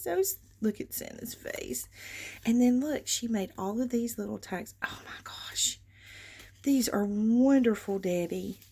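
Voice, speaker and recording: Gushing, slow-talking woman crafter. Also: medium pitch, slight background noise. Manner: gushing, excitable, frequent gasps and exclamations; addresses viewers as y'all. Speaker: craft channel host. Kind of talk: casual show-and-tell vlog.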